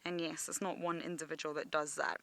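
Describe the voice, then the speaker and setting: A woman's voice: low-pitched, little pitch movement, brisk, creaky, a bit bright. A woman from Britain, guiding a live outdoor game drive and explaining wildlife with enthusiasm. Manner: enthusiastic, explaining nature facts to viewers. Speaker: safari guide.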